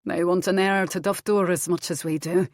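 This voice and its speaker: A woman reading the part of a grown Scottish border laird, gruff and commanding with a teasing edge. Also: lowish voice, fairly even intonation, normal speed, a little mellow, no echo, studio quality, close to an everyday voice.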